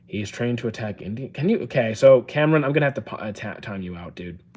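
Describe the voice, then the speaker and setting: A man's voice: medium pitch, fast talker, breathy edge. Easygoing streamer guy. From Canada. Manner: relaxed, chatty, with frequent fillers and restarts. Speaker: streamer answering chat. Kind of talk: casual live-stream chat.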